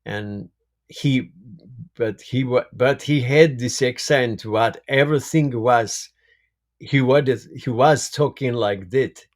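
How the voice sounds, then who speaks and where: A man, an actor being interviewed, speaking in an unhurried, reflective way and laughing often over a video call. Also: medium pitch. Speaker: actor guest. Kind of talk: casual interview chat.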